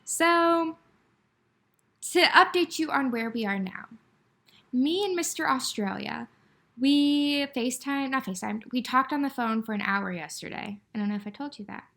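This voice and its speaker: A woman's voice: high voice, moderate pace, gravelly, fairly bright tone. Giggly young woman gushing about a date. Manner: gushing, giggly, heavy use of "like". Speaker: podcast co-host. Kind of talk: casual storytelling chat.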